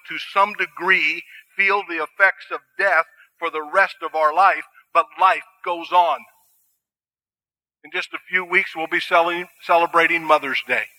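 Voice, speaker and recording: A man's voice: on the high side, sharp tone, rough recording. A middle-aged man preaching a sermon, earnest and conversational with dry asides. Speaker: pastor.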